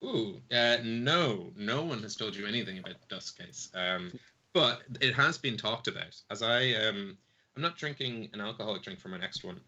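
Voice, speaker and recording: A man's voice: fairly low pitch, animated, normal speed, pushed and bright, muffled recording. A man, playfully narrating as game master of a tabletop game. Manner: playful, rambling, laughs often.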